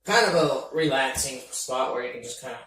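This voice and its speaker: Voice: medium pitch, brisk, very echoey, recorded from a distance, noisy background. A game master narrating a tabletop game with loose, rambling descriptions full of fillers.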